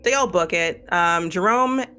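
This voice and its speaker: A man's voice: high voice, a little slow, bright, forceful tone, smooth. Man, Missouri accent, game master, casual rambling narration, faint background music. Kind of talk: narrating a tabletop horror game.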